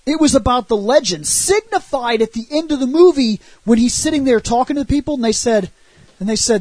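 A man on a podcast, casually and animatedly recounting a movie's plot and arguing for it, with a husky voice and loose swearing. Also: very high-pitched, fairly quick, dry recording, poor audio. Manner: animated retelling with frequent swearing. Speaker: podcast co-host reviewing a film. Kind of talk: casual film discussion.

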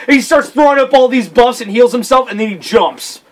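A man's voice: extremely high pitch, a little fast, low-quality recording. A man on a casual podcast, telling stories animatedly and with lots of swearing, acting out what people say. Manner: profane, animated storytelling with acted-out quotes. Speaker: podcast co-host. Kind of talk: casual chat.

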